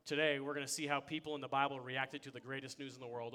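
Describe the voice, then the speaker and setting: A young adult man preaching a sermon as a pastor, telling stories with energy and swinging between loud excitement and quiet. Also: mid-range voice, quick pace, slight background noise. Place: church sanctuary.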